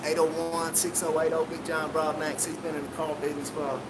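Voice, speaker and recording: Man over loud traffic rumble. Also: completely flat delivery, fairly quick. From Louisiana. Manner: laid-back, proud, slangy. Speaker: rapper and detailer. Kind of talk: casual chat. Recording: loud vehicle rumble outdoors.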